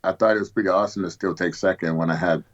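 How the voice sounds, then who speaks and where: A man with a low voice chats casually as an interview guest, rambling and leaning on fillers. His audio comes through a video call, dull and lo-fi. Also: steady tone, racing. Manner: laid-back, rambling, frequent fillers. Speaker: guest, retired pro bodybuilder.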